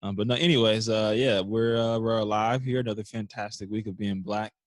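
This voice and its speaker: A man's voice: on the low side, steady tone, fairly quick, no room sound, studio quality. A man hosting a podcast from his bedroom, chatting casually in a loose, profane, joking way. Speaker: podcast host. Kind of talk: casual chat.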